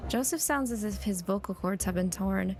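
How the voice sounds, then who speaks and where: Chatty streamer woman with a gravelly edge. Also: mid-range voice, normal speed, a little mellow, slight background noise. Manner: chatty, chatting to viewers, with frequent restarts. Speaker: VTuber streamer. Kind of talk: reading a story game aloud with casual commentary.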